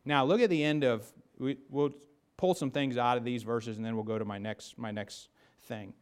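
A man preaching a sermon, rising into emphatic bursts and then dropping low, often restarting words as he builds a point. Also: steady tone, normal speed, clear, resonant tone. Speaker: pastor.

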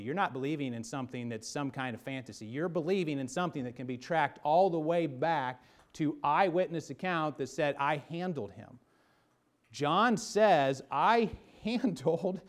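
A man preaching a sermon, rising into emphatic bursts and then dropping low, often restarting words as he builds a point. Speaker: pastor.

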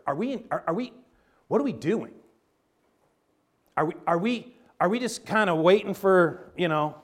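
A man preaching a sermon in a folksy, animated way, moving between loud emphatic bursts and quiet low asides. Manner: animated, folksy storytelling with sports analogies. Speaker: pastor.

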